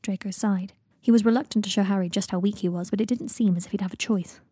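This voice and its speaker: A woman narrating a fan fiction audiobook in a quiet, steady reading voice. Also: mid-range voice, fast, breathy edge, no echo.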